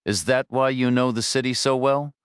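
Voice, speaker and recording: A man voicing a calm female government agent who asks quiet, gently probing questions. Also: medium pitch, normal speed, clear, resonant tone, no echo, clean studio sound, pitched above the performer's own voice, lightly acted. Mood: quiet questioning.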